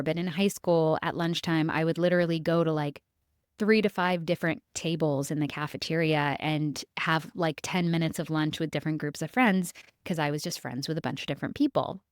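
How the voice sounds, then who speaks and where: A woman's voice: lowish voice, no echo, studio quality. A young adult woman hosting a podcast, talking candidly and conversationally to her listeners, with plenty of casual fillers. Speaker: podcast host. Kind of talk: reflective solo podcast monologue.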